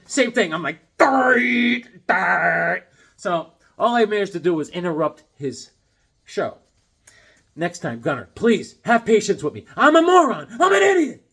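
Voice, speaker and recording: A man in a casual vlog, excitedly showing off his comic collection with rambling, self-deprecating asides. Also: sits high, husky. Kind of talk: casual show-and-tell vlog.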